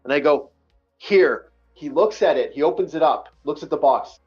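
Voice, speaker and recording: A podcast host with a high, breathy-edged voice tells a casual, profane story at normal speed, animatedly acting out each exchange. The recording sounds dull and lo-fi, with faint music underneath.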